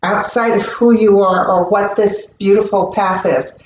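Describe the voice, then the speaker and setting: A woman's voice: mid-range voice, fairly even intonation, unhurried. An earnest woman speaks as a psychic medium in an interview and tells her stories with animation. She sits well back from the mic in a roomy space, and the sound is dull with a faint hiss. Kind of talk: interview conversation. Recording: roomy, distant, dull recording.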